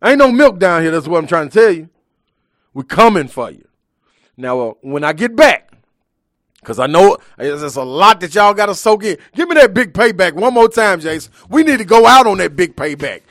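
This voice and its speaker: A man's voice: sits high, big pitch swings, normal speed, fairly bright tone, no echo, studio quality. Fired-up man ranting. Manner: fired-up, emphatic ranting in heavy slang. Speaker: sports talk show host. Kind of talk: live sports talk monologue.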